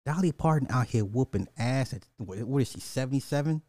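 A man's voice: mid-range voice, lively intonation, brisk, darkish tone, no room sound. A man, reacting to music clips in casual commentary, blunt and petty, drawing out repeated words. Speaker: reaction streamer.

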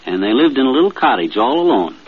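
Folksy husky storyteller. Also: male voice, medium pitch, fast. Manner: folksy, drawling, lively storyteller. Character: folksy middle-aged man spinning a bedtime tale. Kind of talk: storytelling in a radio comedy. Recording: dull 1950s radio transcription.

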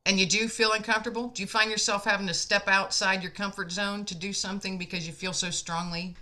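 Bright-voiced woman telling a heartfelt story. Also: medium pitch, flat delivery, fast talker. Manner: earnest, heartfelt storyteller with frequent fillers. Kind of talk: casual conversation, storytelling.

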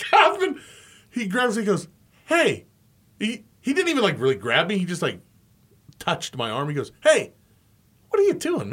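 A man on a sports talk show spins a rowdy story, his voice rising high and swinging widely as he acts out the people in it. He laughs through the telling and keeps the energy up. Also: a bit bright. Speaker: sports radio co-host. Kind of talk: casual storytelling on a radio show.

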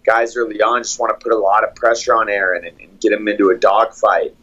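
A man who coaches fighters, calmly breaking down fight footage play by play in a steady, analytical way. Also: fairly low pitch, fast, highs cut off, over a noisy crowd.

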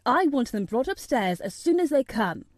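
A woman's voice: high-pitched, big pitch swings, normal speed, dry recording, studio quality. A woman voicing an imperious sickly rich boy who gives orders in a lordly way. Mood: commanding. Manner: commanding, lordly.

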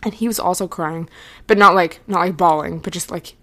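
A woman's voice: lowish voice, brisk, sharp tone. A young woman hosting her own podcast, chatting casually and earnestly, with lots of "like" and trailing thoughts. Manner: earnest, reassuring. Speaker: podcast host. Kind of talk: casual solo podcast chat.

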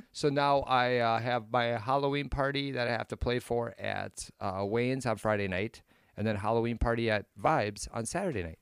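A man's voice: mid-range voice, smooth, no echo, clean studio sound. A man with an Upper Midwest American accent co-hosting a podcast, telling stories in a rambling way with many fillers. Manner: rambling storytelling with many fillers, acts out quotes. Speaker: podcast co-host and DJ. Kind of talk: casual chat.

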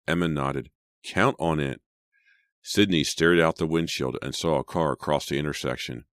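A man narrating an audiobook in a measured, suspenseful way. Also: rumbling low, fairly bright tone, no room sound, studio quality. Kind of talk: scripted narration.

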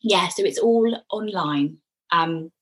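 A woman guest on a podcast, talking casually, with halting restarts and frequent laughter. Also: on the low side, husky. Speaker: guest author. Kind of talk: casual interview chat.

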